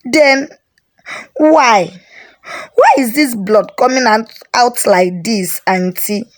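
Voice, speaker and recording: A woman's voice: fairly high pitch, slow. A woman voicing a frightened, tearful teenage girl who pleads her innocence in a told folk story. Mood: pleading, scared.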